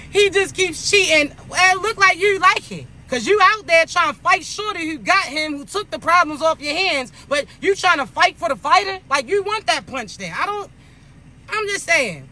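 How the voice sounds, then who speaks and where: A man's voice: very high voice, pushed and bright. A man giving a casual spiritual pep talk in a blunt, profane, scolding manner. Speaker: spiritual content creator.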